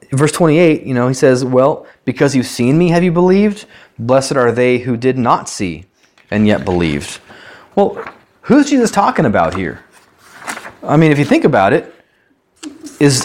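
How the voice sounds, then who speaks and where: A man teaching a Bible study as a pastor, explaining verses in a conversational way and asking rhetorical questions. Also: mid-range voice. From United States.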